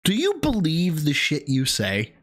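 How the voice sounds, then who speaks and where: A man's voice: a little high, huge pitch swings, a little slow. A man co-hosting a live stream, roasting his partner with sarcastic, crude jokes. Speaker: stream co-host.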